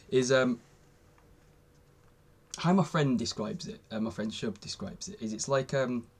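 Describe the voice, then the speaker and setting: A man's voice: mid-range voice, breathy edge. A young man vlogging a casual, rambling monologue, with lots of fillers and restarts.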